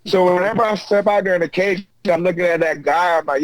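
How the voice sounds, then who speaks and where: An American man telling stories as a guest over a video call, animated and quick to act out what people said. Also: high-pitched, dry recording. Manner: animated, acts out quotes, frequent restarts. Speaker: guest, UFC fighter. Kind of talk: casual storytelling chat. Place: remote video call from home.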